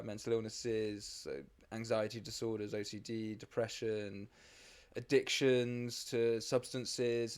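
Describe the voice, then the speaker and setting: A man's voice: lowish voice, a little mellow, clear, resonant tone. A young man, a psychiatric doctor guesting on a podcast, talks casually and earnestly, explaining topics at length with many fillers and restarts. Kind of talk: casual chat.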